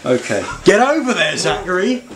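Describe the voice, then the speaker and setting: A man's voice: on the high side, noisy background, natural voice. A young man playing a pompous, touchy English dinner host. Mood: angry. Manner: pompous, hesitant, quick to anger. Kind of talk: amateur parody reality-show acting. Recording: roomy room with background music.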